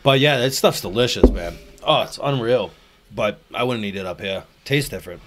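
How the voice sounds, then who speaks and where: A man's voice: on the low side, expressive, moderate pace, noisy background. A man chatting casually on a podcast, laid-back and swearing freely while telling travel and food stories. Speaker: podcast co-host. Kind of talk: casual chat.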